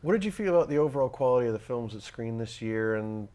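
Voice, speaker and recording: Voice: mid-range voice, animated, fast, mellow. An interviewer asking filmmakers direct questions about their work.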